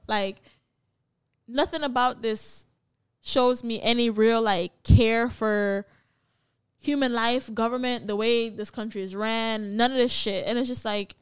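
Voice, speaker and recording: A woman's voice: a little high, fairly even intonation, moderate pace, clear, resonant tone. A young woman co-hosting a podcast, talking bluntly and emphatically in casual chat, swearing freely. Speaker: podcast co-host.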